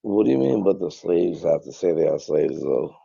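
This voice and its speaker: A man speaking in an interview clip, emphatic and blunt. His voice is very low, gravelly and dark. The clip sounds dull and muffled. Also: expressive, normal speed, dry recording.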